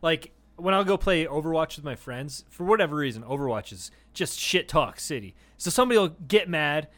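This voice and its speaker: A man's voice: on the high side, lively intonation, fairly quick, a bit bright. A man co-hosting a casual comedy podcast, swearing freely, laughing often and acting out mock quotes in his banter. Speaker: podcast co-host.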